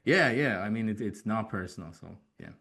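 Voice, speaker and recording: A man's voice: on the low side, animated, brisk, sharp tone. A man hosting an interview podcast, talking loosely with plenty of fillers and repeated words. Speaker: podcast host. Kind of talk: casual interview chat.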